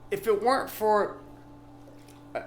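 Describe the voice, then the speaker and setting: A tipsy man delivering a rambling, profane vlog rant that bursts into yelling. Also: sits high, fairly even intonation, takes it slowly, a little hiss or hum. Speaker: vlogger. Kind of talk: ranting vlog monologue.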